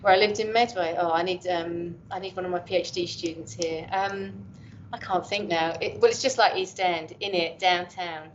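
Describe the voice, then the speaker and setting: An English woman in her fifties, a professor, answers interview questions in a candid, chatty way and teases herself now and then. Her voice sits fairly low. The audio is dull and lo-fi, with a soft hiss behind it. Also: steady tone, normal speed. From England. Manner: candid, chatty, self-deprecating. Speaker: professor guest. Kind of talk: reflective casual interview talk.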